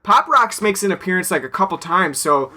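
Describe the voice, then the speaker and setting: A young man co-hosts a podcast in casual conversation, his voice bright and a touch high. He rambles through fillers and laughs easily. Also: expressive, brisk. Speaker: podcast co-host. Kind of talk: casual chat.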